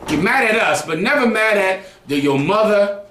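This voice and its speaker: A man's voice: high-pitched, animated, moderate pace, fairly bright tone, reverberant, a little hiss or hum. A man preaching to a group in a heated, mocking way, swearing freely. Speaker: group teacher. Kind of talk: street preaching.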